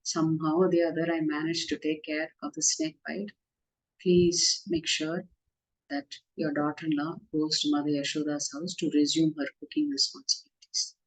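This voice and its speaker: A woman's voice: deep voice, moderate pace. A woman doing a prim disguised maiden. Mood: prim, questioning. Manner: prim, protesting, coaxing. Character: young man disguised as a prim chaste woman. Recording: echoey room.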